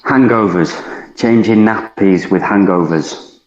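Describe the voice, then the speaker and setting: A man with a low voice, chatting casually on a podcast and laughing often. The sound is roomy and a bit dull and lo-fi. He tells his stories with easy humour. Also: measured pace. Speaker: podcast co-host. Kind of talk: casual chat.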